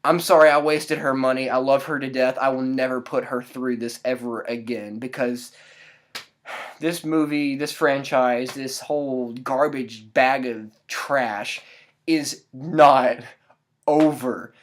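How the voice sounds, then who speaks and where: A woman's voice: rumbling low, fairly even intonation, slow. A woman giving a casual spoken movie review, ranting in exasperation with exclamatory asides.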